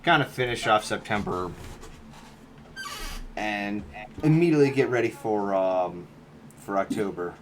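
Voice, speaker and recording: A man's voice: on the low side, a little slow, pauses often, a little hiss or hum. A man hosting a casual livestream, chatting laid-back while he edits, often trailing off mid-sentence. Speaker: streamer host. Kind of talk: casual chat while editing on stream.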